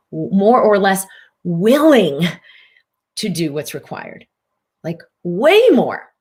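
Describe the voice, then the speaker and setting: A woman with a somewhat low voice hosts a live-streamed mind-body teaching talk. She coaches in an earnest tone and leans on repeated phrases. Now and then she breaks into sudden high bursts to act out someone panicking. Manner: animated, acts out panicked reactions with sudden high outbursts.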